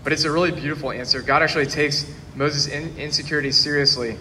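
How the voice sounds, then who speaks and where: A man preaching a sermon with a bright, forceful tone and an earnest, steady delivery. His voice rings out with a long reverb from a large church hall. A faint room ambience hums behind him. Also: a little high, fast talker, slight background noise. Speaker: pastor.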